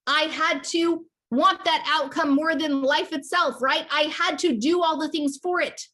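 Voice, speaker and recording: A woman speaks with a high, bright, ringing voice. She coaches her listeners with fervent emphasis, stacking repetitions and checking in with a quick "okay?" as she drives each point home. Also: steady tone. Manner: passionate, emphatic, repeats "okay?". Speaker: business coach. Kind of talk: motivational talk to camera.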